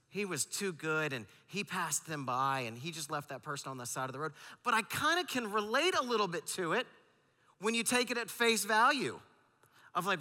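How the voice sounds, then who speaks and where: Man preaching, telling a story, sharp bright voice, lots of uh and um, long echo in a big church. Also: a little high. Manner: earnest, storytelling with frequent fillers. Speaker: pastor. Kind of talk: storytelling sermon. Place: large church auditorium. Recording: long hall reverb.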